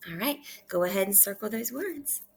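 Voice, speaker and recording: A woman teaching kindergarten, reading aloud slowly and clearly in a repeat-after-me lesson from her kitchen at home. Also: mid-range voice, animated, a little hiss or hum. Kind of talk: slow read-aloud lesson for young children.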